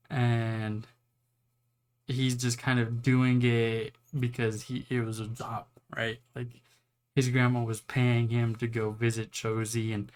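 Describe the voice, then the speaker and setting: A man's voice: medium pitch, darkish tone. A young man casually retelling an anime plot, rambling and swearing, now and then acting out the characters' lines. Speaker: anime reviewer.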